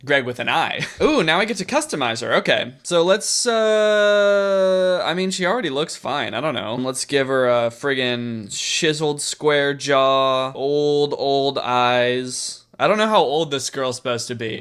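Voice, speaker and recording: A man's voice: mid-range voice, a bit bright, smooth. A man, a YouTuber, riffing sarcastically through comedic commentary on a story game. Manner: sarcastic, riffing, puts on silly voices.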